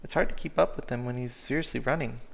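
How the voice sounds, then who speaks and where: Man streaming a story game and reading it aloud; emotional, often correcting himself, gravelly edge. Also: medium pitch, fast talker. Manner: emotional, frequent self-corrections. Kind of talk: reading a visual novel aloud.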